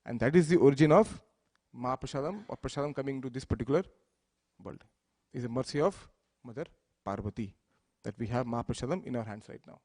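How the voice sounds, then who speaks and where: A man giving a temple sermon, telling a sacred story and acting out the deities' speech with sudden loud bursts, often asking listeners "right?". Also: medium pitch, animated, quick pace, long pauses. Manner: acts out the deities' speech with rising loudness, asks listeners "right?". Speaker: speaker giving a temple lecture.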